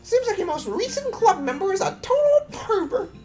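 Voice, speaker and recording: A woman voicing a hot-tempered, prickly schoolgirl, reading a visual novel aloud with shrill, indignant yelling. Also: big pitch swings, normal speed, soft background music. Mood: scolding.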